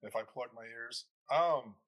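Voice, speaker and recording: A middle-aged man in casual chat as a podcast guest, animated and swearing freely as he tells stories. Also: medium pitch, a little slow.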